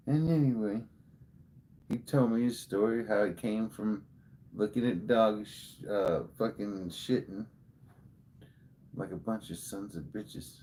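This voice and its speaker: A man's voice: fairly low pitch, slow pace, pauses often, warm tone. A man hosting a livestream, telling a rambling comic story to his chat in a profane, joking, tall-tale way. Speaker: livestream host.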